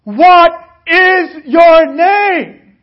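A man voicing a stern, commanding ancient male conqueror king, speaking slowly and booming. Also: little pitch movement, gravelly. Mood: roaring. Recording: dull lo-fi recording.

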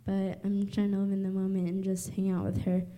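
Nervous, teary woman with very mellow voice. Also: medium pitch, monotone, a little fast. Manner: nervous, rambling, says "like" often. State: close to tears. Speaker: congregation member giving testimony.

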